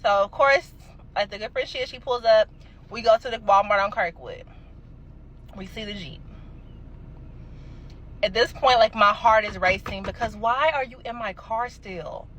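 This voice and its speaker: A young adult woman telling a casual storytime, animated and emphatic, swearing freely. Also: mid-range voice, normal speed, long pauses, dull audio, slight background noise.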